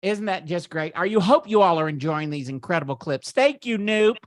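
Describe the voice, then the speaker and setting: A man's voice: sits high, expressive, a little fast, dry recording. A man doing a campy, giggly comedian. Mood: gleeful, gushing. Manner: gushing, giggly, chatty asides. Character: campy middle-aged male comedian impression. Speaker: party host. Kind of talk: narrating photo slideshow. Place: virtual party at home.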